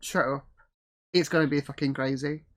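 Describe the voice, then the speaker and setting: A man hosting a casual chat about a comedy series, relaxed and swearing freely. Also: fairly high pitch, moderate pace. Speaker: host.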